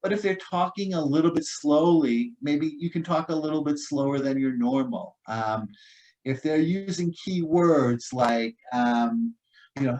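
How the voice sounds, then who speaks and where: A man with a slightly higher voice gives a relaxed, unscripted talk on staying safe. He rambles a little, restarting sentences and scattering "you know" and "um" as he explains. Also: measured pace, low-quality recording. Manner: casual, many fillers and restarts. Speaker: guest speaker on personal safety. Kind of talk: informal talk.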